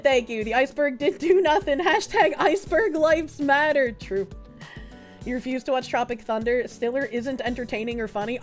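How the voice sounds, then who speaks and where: A woman streamer chatting casually and reading out chat messages, swearing freely and laughing a lot. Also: high-pitched.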